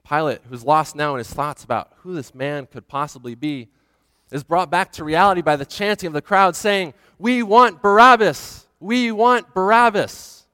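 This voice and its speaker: A man retelling a scripture story dramatically, swinging from hushed passages to loud ones. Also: a little high, moderate pace, dry recording, in a large hall.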